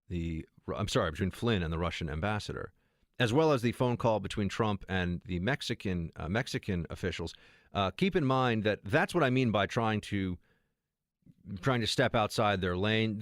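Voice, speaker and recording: A man's voice: lowish voice, no room sound, clean studio sound. A man hosting a political talk show, speaking in an emphatic, sarcastic way. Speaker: radio host and political commentator.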